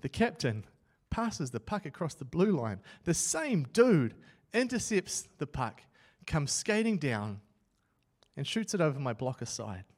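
A man pastor preaching a sermon, telling a personal story with animated swings from loud outbursts to hushed lines. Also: on the high side, measured pace.

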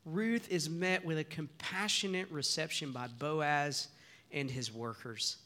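A man's voice: fairly high pitch, unhurried, sharp tone. A pastor giving an earnest, conversational sermon in church, often restarting his sentences.

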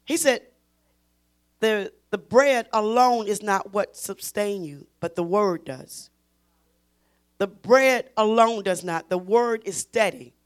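A woman teaching a Bible study in an emphatic preaching style, repeating phrases and pushing her voice toward a shout. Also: mid-range voice, slow, smooth.

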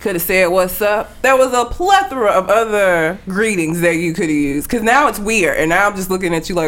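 A woman chatting casually on a podcast, emphatic and animated, laughing often. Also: medium pitch, normal speed, hardly any pauses. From grew up in the country. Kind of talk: casual chat.

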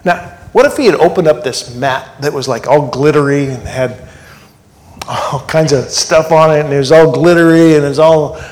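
A man preaches a sermon with a voice pitched a little high. He reads passages aloud, then breaks them down in an easy, conversational way, dropping in playful jokes. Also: darkish tone. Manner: conversational preaching with joking asides; reads scripture aloud and unpacks it line by line. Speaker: pastor. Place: church.

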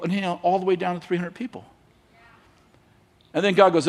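Male preacher, high-pitched, animated storyteller who voices characters. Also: brisk, long pauses. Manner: animated, acts out biblical characters with voices and laughs. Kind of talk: sermon storytelling.

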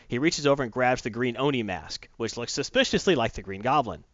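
Man, casual podcast chat, animated storyteller, dry sound, slightly muffled recording. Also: mid-range voice, quick pace, hardly any pauses, no echo. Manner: animated, acts out characters' lines.

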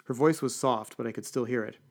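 A man's voice: mid-range voice, a little fast. A man giving a dry, wry first-person audiobook narration.

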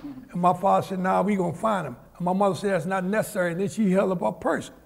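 A former Olympic sprinter from Harlem, New York, appears as a guest at a live auditorium event, telling vivid stories and voicing the people in them. The older man's high voice has a gravelly edge, and he talks fast in a steady tone.

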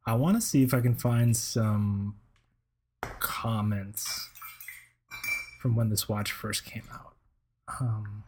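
A man's voice: lowish voice, takes it slowly, long pauses, noisy background. A man co-hosting a podcast, easygoing, giving short replies in casual chat. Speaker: podcast co-host.

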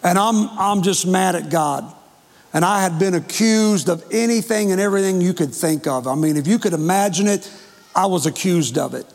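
A man preaching as pastor, telling a personal story emotionally with dramatic pauses. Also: sits high. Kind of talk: testimony sermon. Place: church sanctuary. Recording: long hall reverb.

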